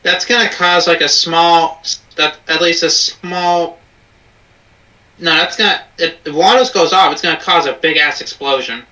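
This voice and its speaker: Guy swearing a lot while reacting to videos, really sharp bright voice, echoey and far from the mic. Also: on the high side, fairly even intonation, a little slow. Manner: crude, profane, rambling restarts. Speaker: host. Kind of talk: casual reaction chat. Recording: roomy, from off the mic.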